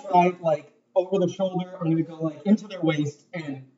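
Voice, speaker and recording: A man's voice: fairly high pitch, steady tone, fairly quick. Playful man at a tabletop game. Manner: playful, laughs often. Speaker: player. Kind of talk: casual tabletop chat. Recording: dull with chatter behind.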